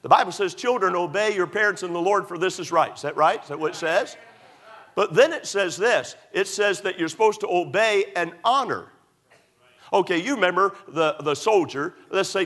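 A man's voice: high voice, normal speed, a bit bright. A middle-aged man, a pastor, preaching a sermon emphatically, repeating points and using many fillers.

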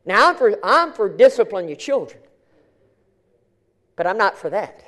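A middle-aged male pastor telling a story in a sermon, animated and colloquial, often repeating and restarting his words. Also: high voice, measured pace.

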